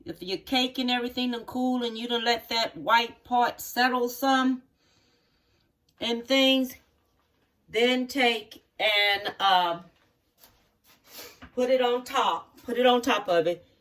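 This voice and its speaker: The voice is mid-range and fairly bright, with fairly even intonation, a slow pace, and frequent pauses. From a home kitchen, a cook chats folksily through a recipe step by step, often asking viewers "okay?" It's a cooking demonstration recorded with the voice distant from the mic.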